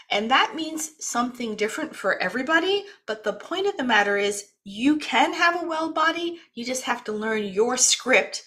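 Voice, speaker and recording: A woman's voice: on the high side, lively intonation, a little slow, hardly any pauses, fairly bright tone. A woman from the East Coast of the United States hosting a wellness program, chatty and talkative, introducing her guest in a casual live session. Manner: chatty, talkative, laughs often.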